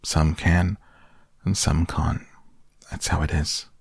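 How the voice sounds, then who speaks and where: A man voicing a gentle, simple-minded male bear in a storybook reading, slow and musing. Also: deep voice, flat delivery, gravelly, breathy edge, no echo, studio quality, exaggerated voice.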